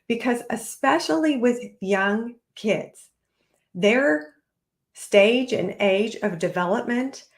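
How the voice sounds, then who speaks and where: A woman in her forties with a slightly higher voice talks on a solo podcast. She is lively and expressive, and she slips into playful voices when she quotes children. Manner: animated, acts out kids' voices. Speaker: podcast host. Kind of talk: solo podcast talk to parents.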